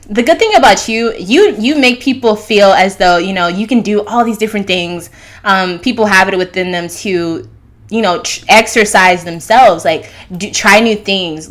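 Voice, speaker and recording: Hosting her astrology channel, a woman rambles through a casual monologue, leaping between thoughts with fillers and restarts. Her voice is mid-range and a bit bright.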